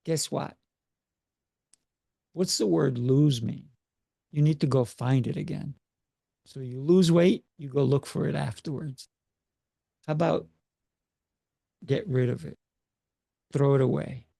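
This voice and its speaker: Husky-toned, gravelly man coaching emphatically. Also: mid-range voice, slow, pauses often, warm tone, no echo, clean studio sound. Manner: emphatic, rhetorical questions. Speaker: martial arts instructor and coach. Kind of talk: casual interview chat.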